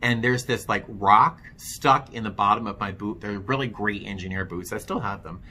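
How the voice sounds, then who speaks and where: A man's voice: on the low side, normal speed, sharp tone. A man vlogging his own recovery story, frank and self-deprecating, talking loosely with plenty of fillers. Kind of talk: candid personal storytelling to camera.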